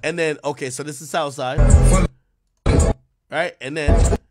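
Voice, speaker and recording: A man's voice: fairly high pitch, steady tone, unhurried, over loud music. A man hosting a live stream, giving casual, rambling commentary full of profanity and trash talk. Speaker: livestream host.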